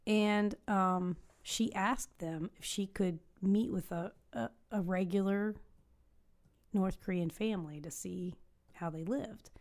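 A woman talks through a long story in a casual conversation. Her voice sits warm and mellow, at a middle pitch, and she fills her pauses with plenty of "um"s and small restarts. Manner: rambling storytelling with many fillers. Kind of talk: casual chat.

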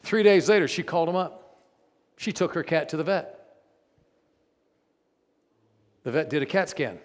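Male pastor, higher voice, lively sermon delivery, long church reverb. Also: unhurried. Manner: animated, joking with the congregation, storytelling. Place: large church.

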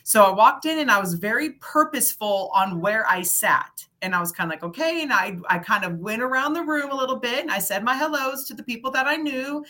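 A middle-aged woman in casual chat, telling an animated story and acting out the people she quotes. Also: fairly high pitch, a little fast, few pauses.

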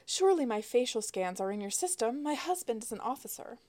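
Story heroine: young woman, breathless and squeaky, bluffing, read by a woman. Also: sing-song, brisk, a little mellow, dry recording.

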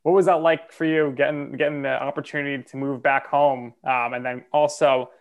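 A man's voice: mid-range voice, level tone, normal speed. Man asking rambling podcast questions. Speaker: podcast co-host. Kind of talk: podcast interview.

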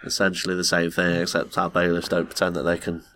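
A man co-hosting a podcast, telling a story in casual chat and acting out people in shrieking high voices. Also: fast talker, a little hiss or hum. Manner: animated, swears a lot, acts out other people with shrieking high voices. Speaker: podcast co-host.

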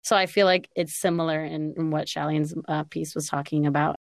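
A woman from Los Angeles with a Californian accent, talking fast and projecting loudly in a casual podcast chat. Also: deep voice, steady tone, vocal fry, no room sound, studio quality. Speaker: podcast guest.

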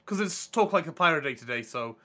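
Man, casual gaming chat, rambling and enthusiastic, higher voice, bright. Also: animated, a little fast. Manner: rambling, enthusiastic storytelling with many restarts. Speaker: podcast co-host.

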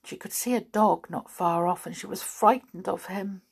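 A woman reading a children's storybook aloud in an expressive, animated way. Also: medium pitch, moderate pace, gravelly, husky.

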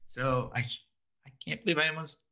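A man's voice: fairly high pitch, steady tone, brisk, a crowd in the background. A man co-hosting a podcast, animatedly retelling TV scenes in casual chat and acting out the quotes. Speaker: podcast co-host.

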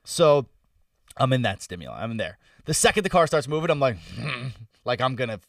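A young man casually telling a long, profane story on a podcast. He rambles in slang and often drops into low mumbles. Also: sing-song, brisk, no room sound, clean studio sound, recorded from a distance.

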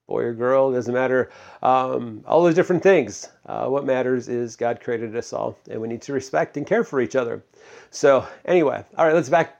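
Male pastor, mid pitch, casual sermon, lots of rhetorical questions, lo-fi recording. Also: creaky, darkish tone. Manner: conversational, many fillers and rhetorical questions.

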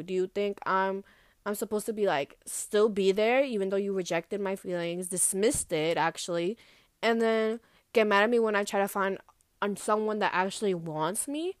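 A young woman vlogger telling a personal story in a loose, casual way, full of fillers and swearing, animated as she retells it. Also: medium pitch, normal speed, dry recording, clean studio sound.

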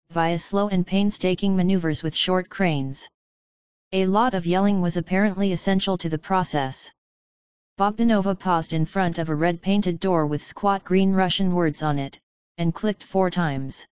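A woman narrating a fan story as an audiobook in an even, measured way, on a slightly dull recording. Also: fairly low pitch, clean tone, no echo.

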